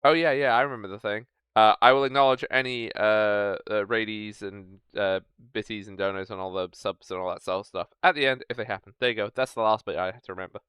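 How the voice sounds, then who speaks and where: A man's voice: fairly low pitch, fairly even intonation, fast, few pauses, a bit bright, smooth, no room sound. A man hosting a streamed tabletop game as game master, chatty and joking. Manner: chatty, joking, self-correcting.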